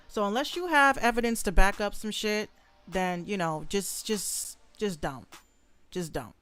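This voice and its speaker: A woman's voice: mid-range voice, fairly bright tone. Blunt, profane woman podcaster in her bedroom. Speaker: podcast host and rapper. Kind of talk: casual solo podcast rant.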